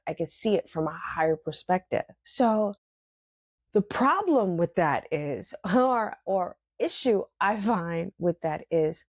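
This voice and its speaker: A woman's voice: lowish voice, a little mellow, dry recording, clean studio sound. A woman hosting a podcast, speaking in a reflective spiritual monologue and acting out her inner voices with bursts of laughter. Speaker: podcast host.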